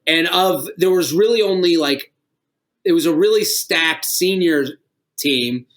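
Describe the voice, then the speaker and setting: Fairly high-pitched and fairly bright, this middle-aged man speaks at a measured pace. He's a comedian appearing on a podcast, spinning meandering stories with frequent laughter and cursing.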